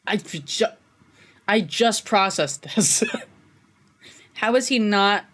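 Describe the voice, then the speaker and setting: A woman streamer giving casual commentary over a game, excitable, swearing and laughing often. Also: medium pitch, extremely slow.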